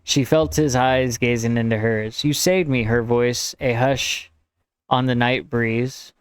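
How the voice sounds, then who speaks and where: A man's voice: medium pitch, steady tone, takes it slowly, smooth, no echo. An American man streaming his writing, reading his draft aloud, correcting his wording as he goes, and chatting with viewers in a rambling way. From United States. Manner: rambling and conversational. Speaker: streamer and writer.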